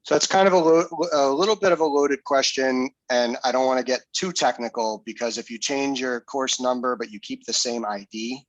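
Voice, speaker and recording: Casual man demoing software. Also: medium pitch, fairly quick, hardly any pauses, no room sound, dull audio. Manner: explanatory, casual, with fillers and restarts. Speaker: presenter. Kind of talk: screen-share software demo.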